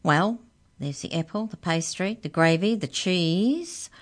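A woman doing a booming giant baker. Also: expressive, unhurried. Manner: booming, loud. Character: huge booming male giant pastry cook.

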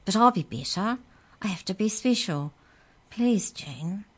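A woman's voice: medium pitch, lively intonation, unhurried, breathy edge, pitched above the performer's own voice. A woman reading aloud and voicing an earnest, anxious schoolboy who pleads and sulks. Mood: pleading. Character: anxious schoolboy wishing to be special.

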